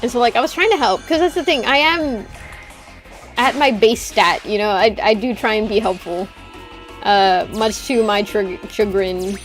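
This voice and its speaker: A woman's voice: mid-range voice, moderate pace, soft background music. A woman streamer chatting casually while gaming, ranting with swearing and laughs.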